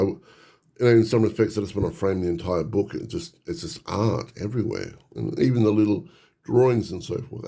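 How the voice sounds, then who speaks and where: A middle-aged man hosting a casual unboxing vlog, excitable and nostalgic, gushing with frequent exclamations. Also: on the low side. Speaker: hobby channel host.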